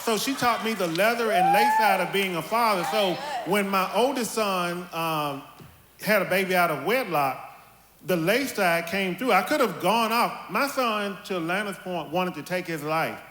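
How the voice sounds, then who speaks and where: High, bright-voiced man in a hall. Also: normal speed. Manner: animated, with lively put-on quotes of his mother. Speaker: panelist. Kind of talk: candid storytelling on a church panel. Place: church hall. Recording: echoey hall with faint ambience.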